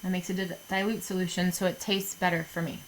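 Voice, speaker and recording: A woman's voice: fairly low pitch, little pitch movement, fast talker, slight background noise, rough recording. A woman chemistry teacher recording a lesson for her students, chatty and jokey, often checking in with "okay?".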